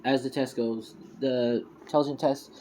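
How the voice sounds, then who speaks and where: In a mellow, medium-pitched voice with fairly even intonation and a moderate pace, a man casually improvises a fan story. He rambles, corrects himself often, and fills gaps with "you know" and "you could say," with slight background noise behind him.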